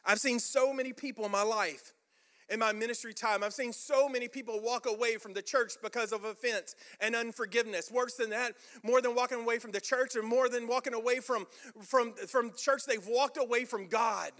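A man's voice: extremely high pitch, steady tone, a little fast, a bit bright. A man preaching a sermon as pastor, emphatic and rhetorical, repeating phrases for effect.

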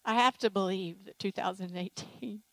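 A woman preaching a sermon with an altar call, emotional and animated, with playful acted asides. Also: mid-range voice, moderate pace, low-quality recording. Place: church sanctuary.

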